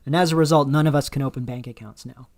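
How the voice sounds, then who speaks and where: A man's voice: mid-range voice, steady tone, fast talker, a little mellow. Rambling male livestream host. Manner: rambling, many fillers and restarts, answering chat questions. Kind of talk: casual livestream chat reading superchats. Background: dog barking faintly.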